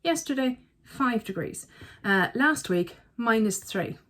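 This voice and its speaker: A woman's voice: on the high side, animated, slow, a bit bright. A woman, chatting casually as a beauty vlogger, full of self-mocking asides. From Ireland. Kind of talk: casual chat.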